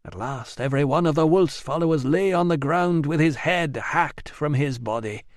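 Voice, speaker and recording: A man narrating an audiobook in a measured, expressive reading. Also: on the high side, dry recording, clean studio sound. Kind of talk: scripted narration.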